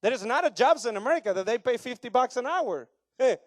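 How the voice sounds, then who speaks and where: A man in his thirties from Argentina, preaching a sermon with an Argentine Spanish accent in broken English, animated and joking with the congregation. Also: very high voice, fast, dry recording, clean studio sound. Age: 30s. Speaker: pastor.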